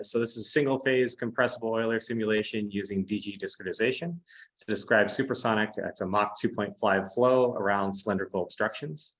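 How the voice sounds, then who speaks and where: Man, low voice, workshop host, relaxed, filler-heavy explanations. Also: rough recording. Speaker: workshop host announcing contest winners. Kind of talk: presenting over a video call.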